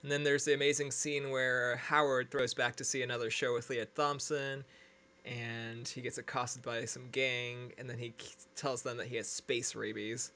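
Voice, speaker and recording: A man's voice: medium pitch, little pitch movement, normal speed, sharp tone. A man co-hosting a podcast, chatting casually and jokingly about a movie, with lots of "like". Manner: chatty, heavy use of "like", jokey. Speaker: podcast co-host.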